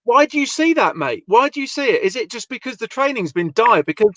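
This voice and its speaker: A man's voice: extremely high pitch, very animated, brisk, fairly bright tone, no room sound. A man hosting a live-stream chat about bricklaying, reading viewer comments aloud and asking his guests questions. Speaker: host.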